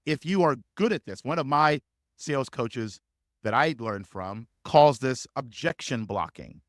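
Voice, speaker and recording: A man's voice: medium pitch, lively intonation, measured pace, dry recording, studio quality. A man teaching sales as a coach in a live webinar, speaking emphatically and repeating key phrases to drive points home.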